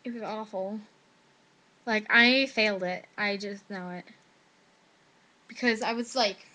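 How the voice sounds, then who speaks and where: A teenage girl chats straight into her webcam, recounting her day in a loose, rambling way packed with "like". Her voice is high and very bright, and she slips into little acted voices when quoting people. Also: measured pace, long pauses. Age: teens. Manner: chatty, lots of "like", quoting others in animated voices. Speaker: high school student. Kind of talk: casual webcam vlog storytelling. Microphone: webcam microphone.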